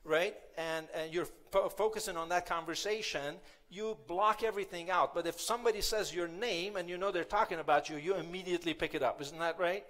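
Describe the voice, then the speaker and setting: Man, high voice, keynote speaker, motivational talk, conversational, playful. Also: brisk, few pauses, fairly bright tone. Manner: conversational, playful, asks the audience.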